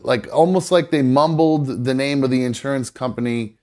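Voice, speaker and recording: A man's voice: mid-range voice, moderate pace, darkish tone. A man hosting a live show from a studio, telling a rambling personal story in casual chat. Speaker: podcast host.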